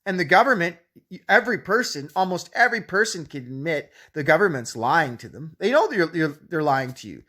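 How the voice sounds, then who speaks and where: A man's voice: on the high side, big pitch swings, fairly quick, bright, forceful tone. A man in his late forties ranting bluntly at critics, swearing nearly every sentence. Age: 40s. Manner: swears constantly, blunt and combative. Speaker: YouTube channel owner. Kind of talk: profane angry rant.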